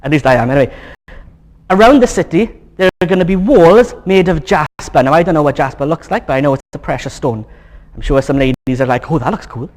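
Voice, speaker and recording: High-voiced preacher coaxing a congregation. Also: male voice, brisk. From Wales. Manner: chatty, joking, coaxing the congregation to get excited. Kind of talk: sermon. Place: church hall.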